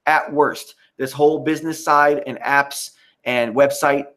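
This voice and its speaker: A man's voice: medium pitch, fairly even intonation, measured pace, fairly bright tone. A man hosting a live stream, ranting in a rambling, profane and mocking way while answering the chat. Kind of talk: casual live-stream rant.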